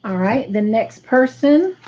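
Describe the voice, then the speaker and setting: A woman hosting a casual livestream, slowly tallying up points for viewers. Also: a little high, animated, dull audio, background noise. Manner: slow, careful tallying of points. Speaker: livestream host.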